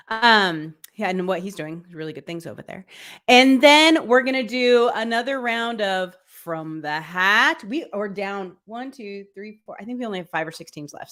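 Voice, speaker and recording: A woman's voice: mid-range voice, a bit bright. A woman co-hosting a casual live football podcast, upbeat and chatty, with plenty of fillers. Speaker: podcast co-host. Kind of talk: casual live-stream chat.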